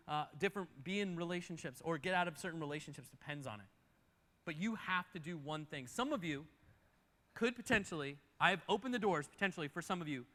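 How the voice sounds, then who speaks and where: Bright, high-voiced preacher in a reverberant hall. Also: male voice. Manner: emphatic, repeats key phrases. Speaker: pastor. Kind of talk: sermon. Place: large church auditorium.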